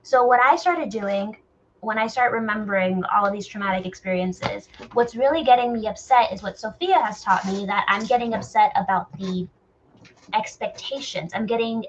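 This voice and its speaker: A woman in a candid group discussion, talking bluntly and animatedly and questioning herself out loud. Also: mid-range voice, moderate pace, dull audio, a little hiss or hum.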